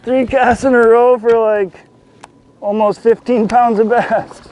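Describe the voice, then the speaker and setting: Giddy laughing angler, high voice. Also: male voice, level tone, measured pace, lo-fi sound, a little hiss or hum. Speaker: angler filming a fishing video. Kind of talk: excited outdoor fishing chatter. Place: on a kayak on a lake outdoors.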